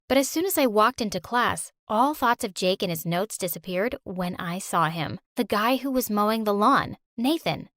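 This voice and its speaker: A woman narrating an animated story in an expressive, youthful way. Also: medium pitch, no room sound, clean studio sound.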